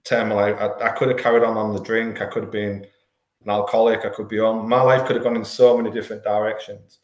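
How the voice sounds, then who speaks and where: The podcast guest, a life coach in his forties, talks quickly in a lowish voice with little pitch movement. Earnest and candid in this conversational interview, he often restarts, repeating words as he picks his thoughts back up, and the recording has a roomy echo.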